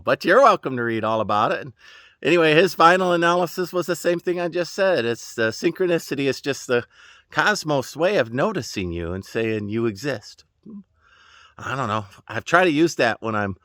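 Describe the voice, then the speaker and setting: A medium-pitched man sounds pushed and bright while vlogging about fixing a trailer tire outdoors on rural land. The casual DIY talk is rambling and folksy with chuckling asides and breathlessness, and the audio is studio quality without echo.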